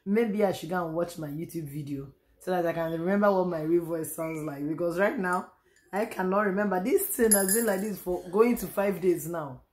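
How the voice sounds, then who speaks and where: Nigerian woman, home vlogger, lowish hoarse voice, chatty and rambling. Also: normal speed, darkish tone. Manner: chatty, repeats herself, sighs and trails off. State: hoarse, losing her voice. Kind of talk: casual home vlog chat. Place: room at home.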